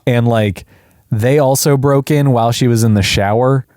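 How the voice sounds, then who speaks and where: A man hosts a relaxed movie review chat, animated and quick to break into impressions. His voice sits in a middle range and is recorded dry and close. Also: medium pitch, dry recording. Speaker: podcast host, movie reviewer. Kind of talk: casual chat.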